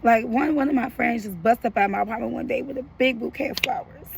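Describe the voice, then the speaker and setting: A woman's voice: fairly high pitch, fast talker, gravelly, slightly rough, poor audio. A woman in her thirties talking frankly to her viewers in a personal vlog, emotional and slangy, with a frustrated edge. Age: 30s. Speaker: vlogger.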